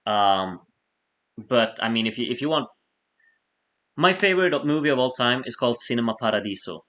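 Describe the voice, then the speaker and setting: A man's voice: medium pitch, expressive, moderate pace, fairly bright tone. A man hosting a late-night live stream, chatting casually, reading viewer messages aloud and laughing often as he rambles.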